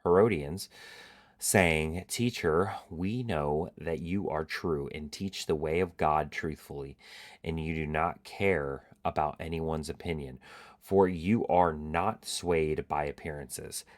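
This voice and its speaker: A tired man hosting a casual faith podcast, reading scripture aloud in a relaxed, halting way with many fillers. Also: extremely low pitch. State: tired, yawning. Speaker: podcast host.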